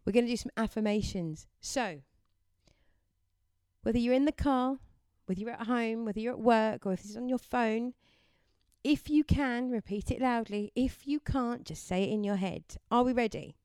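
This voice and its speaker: A woman giving a gentle, encouraging mindfulness talk and leading listeners through affirmations. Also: on the high side, normal speed, clear, resonant tone, dry recording. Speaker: self-help speaker.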